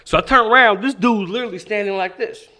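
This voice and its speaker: High-voiced and fast, a male boxing coach recounts stories during a podcast interview. His manner is casual, animated, and profane, and he performs the quoted speech as he goes.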